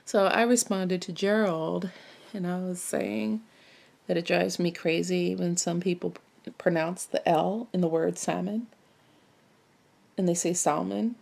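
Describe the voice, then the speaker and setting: A woman's voice: on the low side, steady tone, unhurried, vocal fry, long pauses, darkish tone. A woman from Maryland chatting casually while she stitches, rambling and musing aloud with lots of self-questions. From Maryland, United States. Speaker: cross-stitch vlogger.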